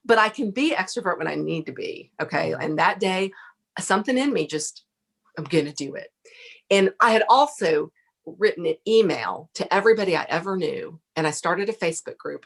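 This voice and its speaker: Low gravelly woman telling a story. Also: a little fast. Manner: lively storyteller, laughs often, acts out quoted lines. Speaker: podcast guest. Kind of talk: casual storytelling interview.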